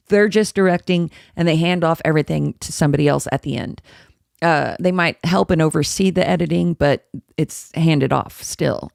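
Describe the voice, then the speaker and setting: A woman's voice: lowish voice, creaky, darkish tone, no echo, studio quality. A woman hosting a casual livestream movie review, chatty, blunt and often profane. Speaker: horror show host.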